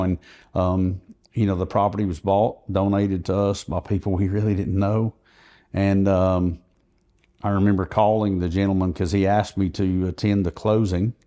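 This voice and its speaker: Mellow-voiced man telling a story. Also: low voice. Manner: earnest, recounting events at length. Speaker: podcast guest. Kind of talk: conversational storytelling.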